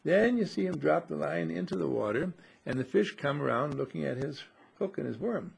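Gravelly, husky-voiced male teacher. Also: a little high, animated. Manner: slow, musing, repeats and corrects himself. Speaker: spiritual teacher. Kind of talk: metaphysical teaching talk to a group.

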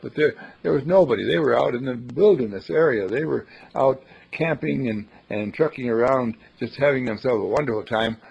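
A man's voice: mid-range voice, creaky, breathy edge. A man, a university dean, telling a folksy, dramatic story as a thought for the day, on a dull lo-fi recording. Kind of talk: storytelling talk.

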